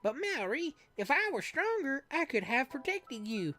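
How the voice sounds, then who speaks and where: Woman playing a young boy hero, high-pitched, melodramatic, faint music behind. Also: big pitch swings, normal speed, pushed and bright, heavily acted. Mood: earnest vow.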